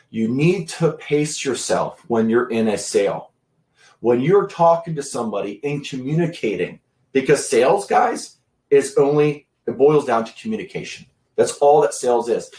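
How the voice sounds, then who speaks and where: A man giving a sales training talk, emphatic and deliberate, pausing for effect. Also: medium pitch, darkish tone. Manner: emphatic, deliberate pacing with long pauses. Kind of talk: instructional talk to camera. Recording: echoey room.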